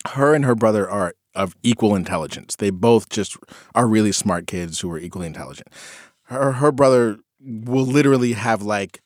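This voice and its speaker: A man in casual conversation, musing reflectively and recounting a story about his kids, getting animated when he quotes them. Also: lowish voice, dry recording, clean studio sound. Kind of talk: casual chat.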